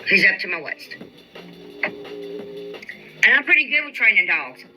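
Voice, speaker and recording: A woman's voice: medium pitch, very animated, unhurried, pushed and bright, soft background music, poor audio. A woman chatting casually on a livestream, answering viewers' comments and venting with a profane, exasperated drawl. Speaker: YouTube live streamer. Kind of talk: casual live-stream chat reading viewer comments.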